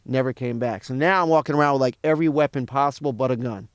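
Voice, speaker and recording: A man's voice: mid-range voice, quick pace, smooth, no room sound, studio quality. A man, a comedian guest telling a profane story in casual chat and acting out what others said. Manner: animated, profane, acts out other people's lines.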